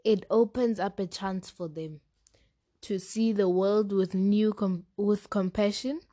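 Woman, young adult, casual podcast co-host, reads notes aloud, quick to laugh, mid pitch. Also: fairly even intonation, mellow. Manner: reads list points aloud, laughs easily. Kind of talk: casual chat.

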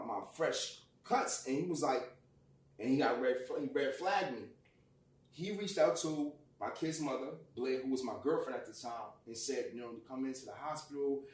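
Animated man telling a story, off-mic. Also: a little high, reverberant, recorded from a distance. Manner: animated, profane, acts out quotes loudly. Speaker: guest. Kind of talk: casual storytelling.

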